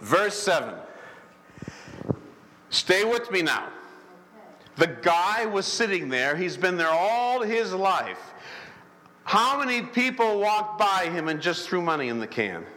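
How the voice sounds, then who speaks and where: A man preaching a sermon in a church, animated, acting out characters and calling for amens. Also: on the high side, unhurried. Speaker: pastor.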